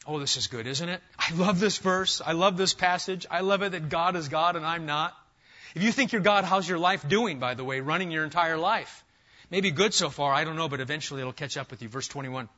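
A man preaching an expository sermon to a congregation, animated and emphatic, firing rhetorical questions and talking straight to his listeners. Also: fairly high pitch, normal speed, muffled recording. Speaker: pastor. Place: church sanctuary with a live congregation.

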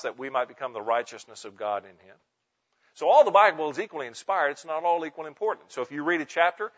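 A man preaching a teaching sermon to pastors, emphatic, slowing down and stressing single words. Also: on the high side, sharp tone. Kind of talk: sermon teaching on Bible meditation. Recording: muffled lo-fi sound.

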